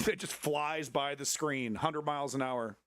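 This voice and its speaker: A man hosting a live stream, reacting to clips with sarcastic, profane commentary and now and then breaking into shrill mocking voices. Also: unhurried, fairly bright tone, dry recording, studio quality. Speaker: livestream host.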